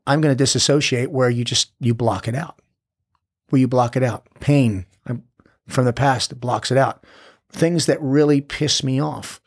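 A man's voice: mid-range voice, fairly even intonation, unhurried, no echo, studio quality. A man who is a former military operator, talking candidly as a podcast guest, intense and blunt, swearing freely and often restarting his sentences. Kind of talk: candid conversational interview.

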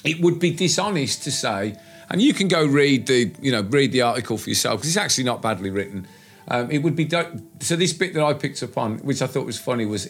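Man, podcast co-host, casual chat, blunt, sweary, ranting, mid pitch. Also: lively intonation, fairly quick.

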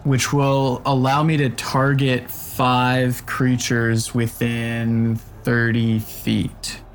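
A man playing a tabletop game, deliberate and wryly grumbling about his luck. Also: medium pitch, completely flat delivery, slight background noise. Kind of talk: casual game-night chat.

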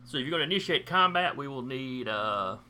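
A man's voice: mid-range voice, expressive, fairly quick, very noisy. A man running a tabletop game as game master, reading out rules plainly and asking players for rolls. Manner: reads rules aloud, plain and matter-of-fact.

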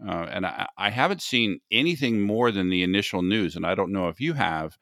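Man, podcast host, low voice, gravelly, dry close sound, casual talk. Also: animated, a little fast, fairly bright tone, dry recording. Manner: conversational, with frequent restarts.

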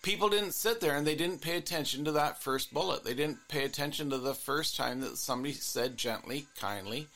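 A man's voice: on the high side, fairly quick, hardly any pauses, a bit bright, soft background music. A man, a couples therapist hosting his own show, musing earnestly in a reflective solo monologue that circles back on its points. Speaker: couples therapist and podcast host.

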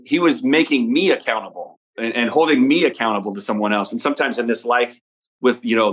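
Male podcast guest from Nebraska, mid-pitched, loose rambling storyteller, casual interview. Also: a bit bright, low-quality recording. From Nebraska, USA. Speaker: podcast guest, father and entrepreneur.

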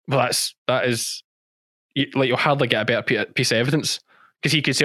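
Speaking fast at medium pitch, a former policeman turned sheep farmer recounts a story for a podcast interview. He's emphatic and animated and restarts often; the recording is dry and of studio quality.

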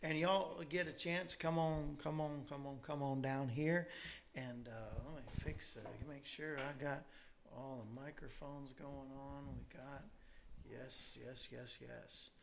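A man hosting a show, chatting casually with his guests in a folksy, joking way, quick to laugh. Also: mid-range voice, fairly even intonation, gravelly, noisy background. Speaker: show host.

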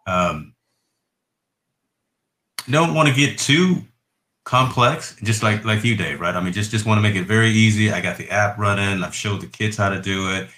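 A man's voice: on the low side, normal speed, pauses often, sharp tone, reverberant. A man hosting a podcast in casual tech chat, talkative and often checking in with his listeners. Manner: chatty, tags lines with "right?". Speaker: podcast host.

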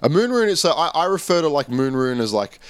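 A man's voice: fairly high pitch, sing-song, fast, clear, resonant tone, no echo. A young man, telling stories as a podcast guest in a rambling, casual way full of fillers. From Australia. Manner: rambling storyteller, many fillers and restarts. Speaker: guest musician.

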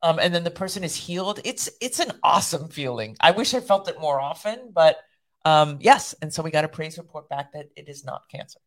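A woman's voice: low voice, expressive, a little fast. A woman co-hosting a devotional podcast, chatting earnestly and chiming in often. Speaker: podcast co-host. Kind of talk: casual devotional chat.

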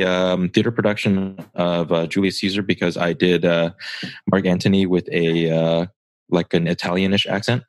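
Deep-voiced man in casual chat. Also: little pitch movement, normal speed, no echo. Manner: laid-back, swears, tells stories with laughs. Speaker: podcast co-host.

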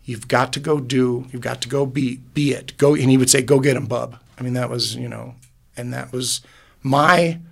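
Middle-aged male musician guest, gravelly voice, heartfelt and rambling, podcast booth. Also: mid-range voice, fairly even intonation, normal speed, a bit bright. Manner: rambling and heartfelt, many restarts. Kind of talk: casual interview conversation.

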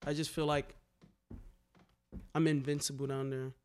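A man's voice: fairly high pitch, moderate pace. A man telling wild stories in casual chat, swearing often and acting out what people said. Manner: animated, swearing, slangy, acts out quotes. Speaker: graffiti writer telling stories. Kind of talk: casual storytelling.

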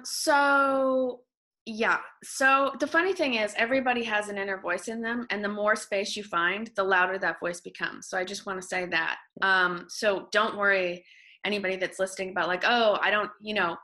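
Woman guest, Canadian-born, bright, forceful tone, animated storyteller who restarts sentences. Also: mid-range voice, normal speed. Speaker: podcast guest, author. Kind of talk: casual interview talk.

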